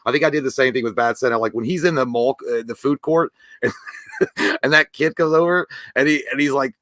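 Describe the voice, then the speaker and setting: A man's voice: mid-range voice, fairly quick, fairly bright tone, no room sound. A man co-hosting a podcast in casual, rambling, profane banter, laughing often. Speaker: podcast co-host.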